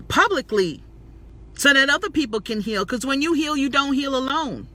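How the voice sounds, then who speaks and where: A woman with a very bright, ringing voice gives an emotional personal testimony straight to her viewers. She is preachy and affirming, preaching self-love and calling them sweetie and y'all. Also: sits high, lively intonation, moderate pace. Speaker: health and spirituality vlogger.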